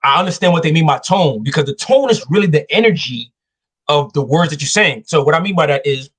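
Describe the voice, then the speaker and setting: A man's voice: on the high side, expressive, a little fast, fairly bright tone, breathy edge. A man hosting a live talk show, giving casual dating advice and acting out quoted voices as he tells stories. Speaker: show host.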